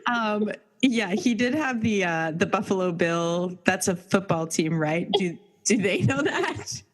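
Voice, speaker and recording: A woman's voice: medium pitch, lively intonation, a little slow, rough recording. A woman hosting a podcast, teasing and laughing often in casual interview chat. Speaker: podcast host.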